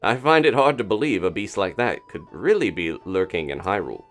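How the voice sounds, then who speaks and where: A man's voice: low-pitched, sing-song, fairly quick, fairly bright tone, faint music behind, heavily acted. A man doing Pen the Pelican, a folksy reporter. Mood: hushed. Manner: folksy reporter voice, full of bird puns. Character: chatty male pelican newspaper reporter, pun-loving.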